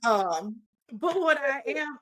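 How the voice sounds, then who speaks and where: A middle-aged woman co-hosting a podcast in casual chat, opinionated and quick to joke and laugh. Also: high-pitched, animated, fairly bright tone, a little hiss or hum. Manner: joking and opinionated, laughs often. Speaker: podcast co-host.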